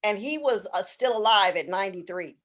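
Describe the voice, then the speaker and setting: A middle-aged or older woman talks as an interview guest, telling stories with lively energy. Her voice sits at a mid pitch for a woman, and she scatters "you know" through her sentences. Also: fairly quick. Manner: animated storytelling with many "you know" fillers. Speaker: guest, band leader and guitarist. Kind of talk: casual interview conversation.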